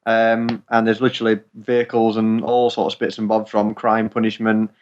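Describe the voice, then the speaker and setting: A man's voice: on the low side, completely flat delivery, normal speed, a little hiss or hum. A man who directs a museum, describing it plainly with dry humour. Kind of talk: casual interview chat. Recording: dull lo-fi line.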